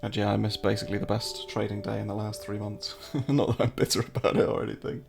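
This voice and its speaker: A man's voice: fairly low pitch, steady tone, quick pace, vocal fry, over music. An English man hosting a casual live-stream, joking, answering viewer chat and walking through trading charts. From England.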